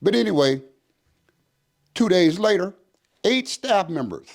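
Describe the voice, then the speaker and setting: A man's voice: high voice, a little slow, creaky. An older man, a retired prison captain, telling a story in an interview and acting out the voices of the people in it. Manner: animated storyteller acting out dialogue in quoted voices.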